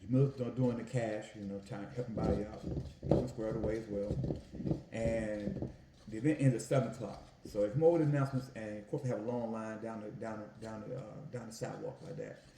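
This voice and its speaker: A man in his home kitchen, telling stories about his Italian ice business in an animated, folksy way while he cooks. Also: fairly low pitch, fairly quick, reverberant, noisy background. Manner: animated, folksy storytelling with "y'all" and "family". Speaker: food vlogger and Italian ice vendor. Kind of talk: casual storytelling while cooking.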